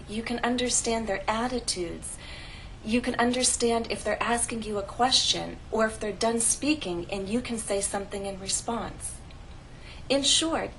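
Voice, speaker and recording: A woman teaching an English pronunciation lesson, speaking clearly and deliberately. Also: fairly high pitch, fairly bright tone, a little hiss or hum, low-quality recording. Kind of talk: scripted lesson narration.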